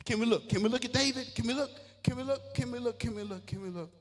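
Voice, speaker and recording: A pastor preaching a sermon with call-and-response, building from soft talk to shouted declarations, with a St. Louis accent. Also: male voice, very high-pitched, fairly quick. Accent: St. Louis, Missouri. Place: church sanctuary. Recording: long reverb of a large church hall.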